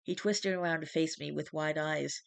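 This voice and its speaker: A streamer reading a first-person horror story aloud in steady narration, with small restarts. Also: medium pitch, normal speed, vocal fry, dry recording.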